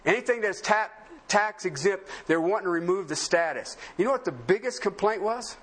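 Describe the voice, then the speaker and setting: A man's voice: sits high, lively intonation, moderate pace, fairly bright tone. A man preaching a sermon in a conversational, sarcastic way, full of rhetorical questions. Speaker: pastor.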